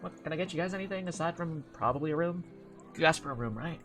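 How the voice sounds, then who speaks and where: A friendly, scatterbrained female orc barkeep, voiced by a man at the table. She talks in a chatty, flustered rush and keeps apologizing. Soft music plays faintly behind her. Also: on the high side, quick pace, voice pushed up, natural voice.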